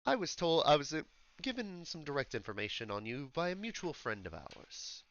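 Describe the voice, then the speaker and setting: A man voicing an older male high elf spymaster, putting on a posh English accent and speaking in a measured, quiet way. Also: sing-song, dry recording, lo-fi sound. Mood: suave.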